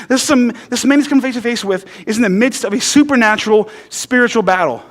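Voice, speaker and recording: A pastor preaching in a loose, conversational way, tossing in "right?" to keep the room with him. His voice sits very high for a man. He tells stories with emphasis and humor. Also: a bit bright. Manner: emphatic storytelling. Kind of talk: sermon.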